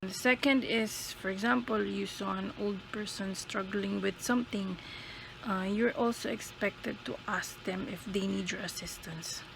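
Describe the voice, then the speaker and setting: A woman presenting a school video, calmly explaining pronunciation tips and repeating example words one by one. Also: medium pitch, unhurried, gravelly, noisy background. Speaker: student presenter.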